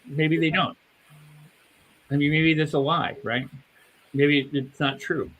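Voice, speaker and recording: An older man speaking as a mindset coach on a panel, animated and acting out the inner voices of his listeners. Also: on the high side, slow, low-quality recording. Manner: animated, acts out inner voices, repeats words. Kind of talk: motivational panel talk.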